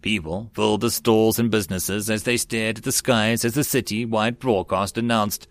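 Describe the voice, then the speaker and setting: A man's voice: fairly low pitch, steady tone, normal speed, few pauses, no echo. A man reading a web novel aloud as an audiobook, doing all the parts himself and raising his voice for the dialogue. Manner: reads all parts himself, lifting his voice for quoted lines. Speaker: audiobook narrator.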